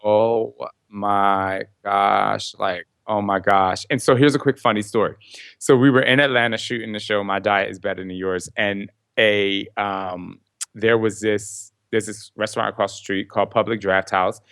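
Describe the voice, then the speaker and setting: A man guesting on a podcast, telling stories in a lively way and laughing often. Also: lowish voice, normal speed, dry recording, studio quality. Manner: animated storyteller, laughs often. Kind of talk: casual interview chat.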